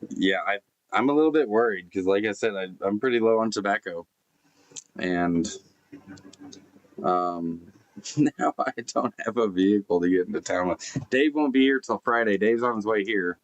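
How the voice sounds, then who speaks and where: Broadcasting through a computer camera from inside his broken-down van in a forest snow park, this man chats casually with viewers, reading their comments and responding. His voice is lowish and his pace moderate, and the highs are cut off. He rambles easily, swears a lot, and keeps restarting sentences between fillers.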